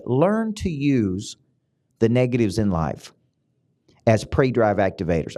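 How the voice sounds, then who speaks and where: A middle-aged man with a Southern US accent, hosting a motivational podcast as a business coach, talking emphatically and repeating himself, with sudden upward jumps in pitch. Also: sing-song, moderate pace, a little mellow.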